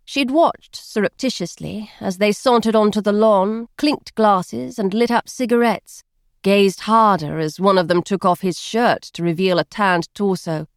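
A woman's voice: mid-range voice, measured pace, dry recording. Woman narrating an audiobook, dry sound. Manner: expressive storytelling.

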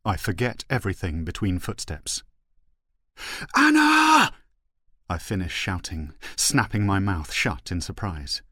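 A man reading an audiobook aloud in the first person, measured and controlled. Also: low-pitched, fairly bright tone, dry recording. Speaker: audiobook narrator. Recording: dry close studio sound.

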